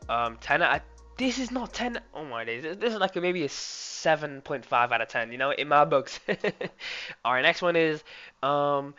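A young man streaming live and reacting loudly, laughing and often saying "oh my days" and "bro". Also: a little high, animated, moderate pace. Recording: dull lo-fi sound with faint music. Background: faint background music.

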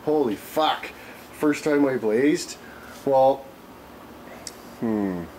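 A man's voice: medium pitch, drawn-out words, darkish tone, slight background noise, poor audio. Rambling, foul-mouthed man. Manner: rambling, heavy swearing, many fillers. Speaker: vlogger. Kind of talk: casual storytelling vlog.

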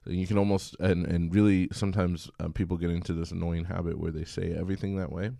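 A man giving a recorded college music lecture in a relaxed, chatty way, singing short examples. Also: sits low, fast talker, gravelly, dry recording, studio quality.

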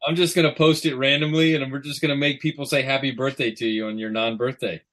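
A man's voice: medium pitch, fairly even intonation, quick pace, fairly bright tone. Playful, teasing male podcast co-host. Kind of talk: casual chat.

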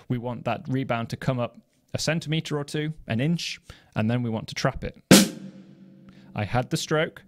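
A man explaining drum technique in a measured, precise, methodical way. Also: medium pitch. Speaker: drum teacher. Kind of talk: instructional explanation. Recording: loud noise from snare drum playing. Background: snare drum playing.

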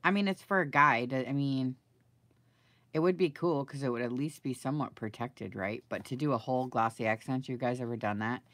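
A woman's voice: rumbling low, brisk, a bit bright, no echo. A middle-aged woman chatting and thinking aloud while she works on a craft project, asking her viewers for advice as she goes. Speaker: craft video maker. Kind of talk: chatty live crafting video.

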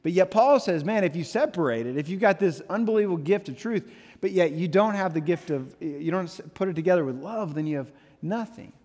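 A man in his thirties preaching a sermon, animated, with playful asides and quotes he acts out. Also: high-pitched, a little fast, big-room sound. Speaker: pastor.

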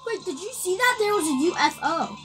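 A woman hosting a let's play video, rambling and excitable, shrieking whenever something surprises her in the game. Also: very high voice, a little fast, soft background music. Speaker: gaming video host.

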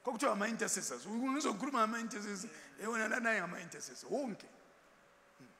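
A man's voice: sits high, animated, quick pace, sharp tone. A man preaching a sermon as a bishop, asking the congregation questions and telling stories with humour. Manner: call-and-response preaching with rhetorical questions; humorous storytelling, laughs often. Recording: long hall reverb, faint background noise.

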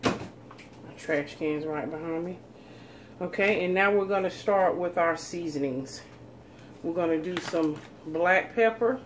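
A woman walks viewers through a recipe in a relaxed, folksy way. Her voice sits a little lower than most women's. She talks from her home kitchen with a faint hiss in the background. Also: measured pace. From North Carolina, USA. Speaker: cooking channel host. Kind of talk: casual cooking demonstration.

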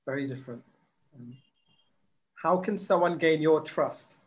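A man's voice: on the high side, measured pace. A man co-hosting an interview, asking questions in a dry, playful way. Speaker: co-host.

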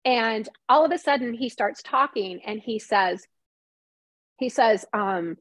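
Speaking slowly in a somewhat high, fairly bright voice with no room sound, a middle-aged woman who used to report for TV shares a personal story in an interview. She's candid and emotional, performing the lines others said to her.

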